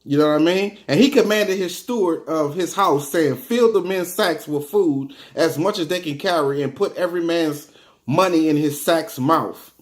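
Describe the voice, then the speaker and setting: Man teaching scripture, somewhat high voice. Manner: reads scripture slowly then explains in casual talk, repeating "you know what I mean". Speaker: bible teacher. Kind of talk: informal bible study teaching.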